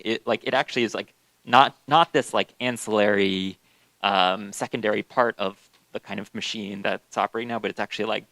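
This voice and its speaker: A man's voice: fairly low pitch, vocal fry, fairly bright tone, no room sound, poor audio. A man on a panel, a union organizer, speaking hesitantly with many restarts and frequent use of "like". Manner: hesitant, many fillers and restarts, uses like often. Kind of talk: panel discussion.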